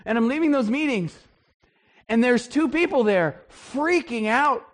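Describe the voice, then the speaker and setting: A man preaching a sermon in a conversational, animated storytelling way, with frequent restarts. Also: very high-pitched, unhurried. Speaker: pastor.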